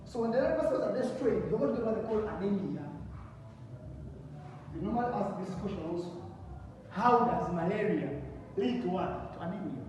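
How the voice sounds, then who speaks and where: High-voiced teacher in an echoey classroom. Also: male voice, expressive, normal speed, pauses often, a little mellow, a little hiss or hum. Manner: call-and-response questions, repeats key words. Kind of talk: classroom lesson. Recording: echoey room from far off.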